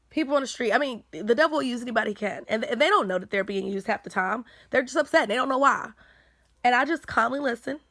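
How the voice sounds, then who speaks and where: Earnest woman with a gravelly voice. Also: on the high side, fairly bright tone, dry recording. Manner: earnest, repeats points for emphasis. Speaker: faith livestreamer. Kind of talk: casual spoken testimony.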